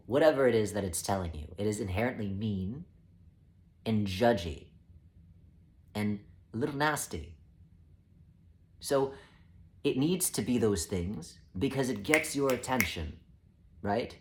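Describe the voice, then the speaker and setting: A man speaking as a spiritual teacher, explaining ideas in a calm, measured way. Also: fairly low pitch. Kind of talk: spoken teaching talk.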